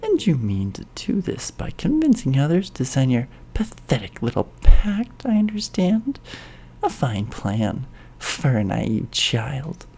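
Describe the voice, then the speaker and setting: A woman voicing a cold, sneering villainous courtier in a video game, speaking slowly and disdainfully. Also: a bass voice, huge pitch swings, gravelly, warm tone, husky, heavily acted. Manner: slow, disdainful, menacing.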